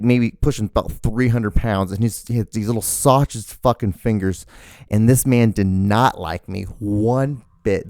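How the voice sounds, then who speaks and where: A young man hosting his own show, telling rambling, animated stories with lots of fillers and casual swearing. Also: fairly low pitch, smooth, no room sound, clean studio sound. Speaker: podcast host. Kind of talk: casual storytelling monologue.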